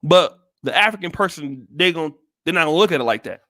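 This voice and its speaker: Talking fast with a sharp tone, this American man offers casual, profane, blunt remarks on a live stream and keeps restarting. His slightly high voice is expressive, captured at studio quality without echo.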